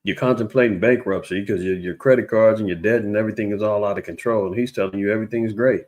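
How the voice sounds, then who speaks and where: A man giving casual religious commentary online, rambling and preachy, with frequent restarts and mocking raised-pitch impressions of others. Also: fairly even intonation, fast talker, darkish tone.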